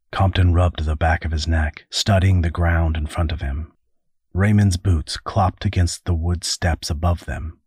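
Deep raspy guy reading a story, steady, dead dry sound. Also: measured pace, no room sound. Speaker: audiobook narrator. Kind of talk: scripted narration.

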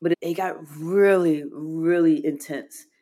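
A woman's voice: low-pitched, steady tone, measured pace, dark tone. A woman guest telling her personal story in an earnest, heartfelt way, often saying "like". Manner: earnest, heartfelt, frequent "like" fillers. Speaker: podcast guest.

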